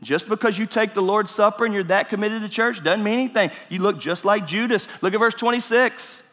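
Male pastor, high voice, emphatic sermon, reverberant church hall. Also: brisk. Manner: emphatic preaching, swings between loud and hushed. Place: church sanctuary.

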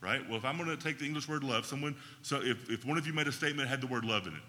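A man's voice: mid-range voice, rapid-fire, sharp tone, in a large hall. A man teaching a Bible class in a conversational way, often checking in with his listeners.

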